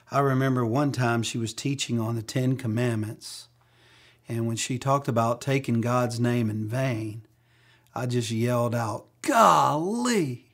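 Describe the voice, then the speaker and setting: A middle-aged man preaching a sermon as pastor, mixing humorous personal stories with acted-out quotes. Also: medium pitch.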